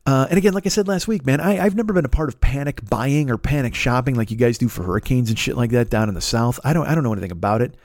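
A man's voice: mid-range voice, very fast, hardly any pauses, no echo, studio quality. A man hosting a podcast, telling a story as a profane rant and swearing constantly. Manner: animated, swears constantly, builds to shouting. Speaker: podcast host.

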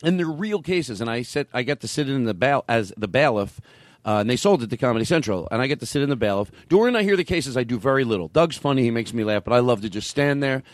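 A man hosting a comedy podcast, rambling excitably and laughing a lot as he tells a story. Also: medium pitch, fast talker, no echo. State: stoned. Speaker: podcast host. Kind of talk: casual comedy podcast chat.

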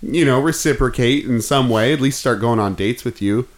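A man's voice: medium pitch, normal speed. A man in casual podcast chat, playful and joking, who sometimes slips into a mock-grand speechmaking voice. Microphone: microphone close in front of face.

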